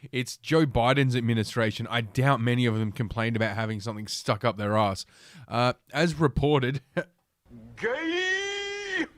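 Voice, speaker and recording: A man's voice: mid-range voice, no echo. A man in the middle of his vocal range hosts a solo podcast, rambling crudely with plenty of fillers. He has had a few drinks and sounds loose. The recording is dry and close. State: drinking while talking. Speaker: podcast host. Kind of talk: casual solo podcast talk.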